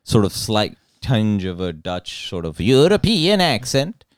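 A man's voice: fairly low pitch, big pitch swings, measured pace, dry recording, clean studio sound. A man co-hosting a podcast in casual chat, joking and teasing his friends. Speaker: podcast co-host.

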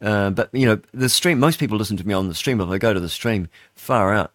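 An older New Zealand man hosts a talk-radio show, delivering a casual, rambling monologue full of fillers and restarts. His voice is lowish, bright in tone, and quick, captured in a dry, studio-quality recording.

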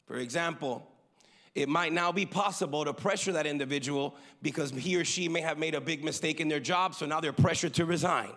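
A male pastor preaching a sermon, calling for amens from the congregation and moving between loud emphasis and quiet asides. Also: on the high side, brisk. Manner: preaching with call-and-response to the congregation.

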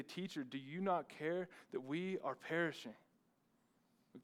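A man's voice: medium pitch, clear, resonant tone, rough recording. A man, the lead pastor, preaching a sermon with emphatic repetition and rhetorical questions.

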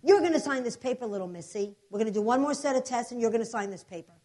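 A woman's voice: on the high side, animated, quick pace, warm tone. A woman voicing a stern, patronizing male surgeon who talks down to his patient. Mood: bossy. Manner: bossy, condescending.

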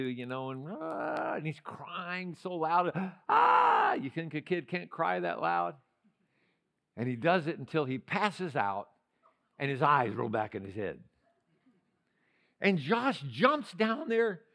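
An older male pastor preaching a sermon in a church, swinging from loud shouted passages to quiet, conversational storytelling. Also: mid-range voice, gravelly. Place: church sanctuary.

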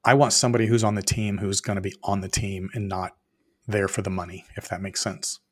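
A man's voice: fairly low pitch, brisk. A man in his fifties, a guest on a podcast, telling a business story with lots of acted-out dialogue and plain-spoken swearing. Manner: animated storyteller who acts out both sides of quoted dialogue.

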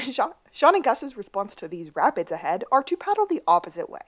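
On a laid-back podcast, a woman co-hosts a recap of a TV episode, swinging between high, excited outbursts and low asides. She talks fairly quickly.

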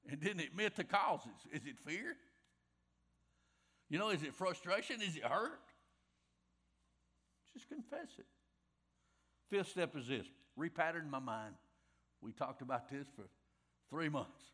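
A middle-aged pastor delivers a sermon in a folksy, conversational manner, circling back to repeat his points. His voice sits high for a man and has a bright, forceful edge. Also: big pitch swings, takes it slowly, pauses often, husky.

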